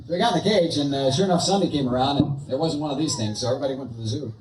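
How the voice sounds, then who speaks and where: A man's voice: a little high, rapid-fire, few pauses. An American male comedian doing a stand-up set, telling stories in a rambling way with restarts and asides. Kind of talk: stand-up routine. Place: large venue, live audience. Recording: echoey hall, distant mic, crowd noise.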